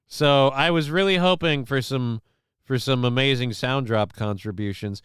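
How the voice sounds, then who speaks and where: A male host rambles through casual commentary, swearing and trailing off with fillers. His voice is bright and smooth. The sound is dry and close. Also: medium pitch, moderate pace, no room sound. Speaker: show host.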